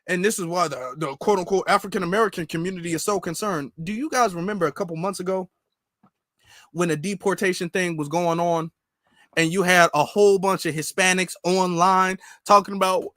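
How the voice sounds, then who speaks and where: A man's voice: high voice, animated, moderate pace, bright, forceful tone, dry recording, clean studio sound. A man hosting a commentary channel, reacting to clips in an exasperated, mocking way and repeating himself.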